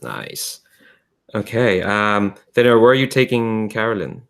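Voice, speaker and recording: A man running a tabletop game as game master, speaking in a somewhat low voice. He feels his way through each scene with frequent ums and restarts. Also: a little slow, creaky, smooth. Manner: hesitant, full of ums and restarts.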